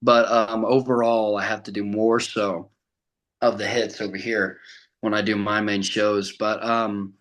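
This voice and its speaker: A man's voice: fairly low pitch, level tone, unhurried, fairly bright tone, poor audio. A young man, a tribute artist for a famous singer, chatting casually as a podcast guest, telling stories with frequent laughs and acting out what others said. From Colorado. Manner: chatty storyteller, laughs often, acts out other voices.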